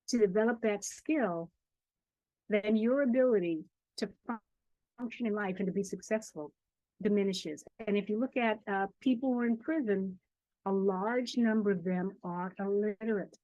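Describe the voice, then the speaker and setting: A woman's voice: fairly high pitch, moderate pace, warm tone, no echo, lo-fi sound. An older woman, a children's author, speaking earnestly in a podcast interview, telling stories with emphatic repetition. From Charleston, South Carolina family; grew up in Harlem.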